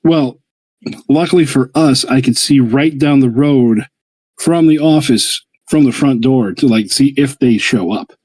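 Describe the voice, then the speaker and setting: Speaking a little slowly over poor audio with no room sound, a man hosting a hobby livestream chats casually through a lengthy story. He brings the quotes to life with sudden leaps in his voice.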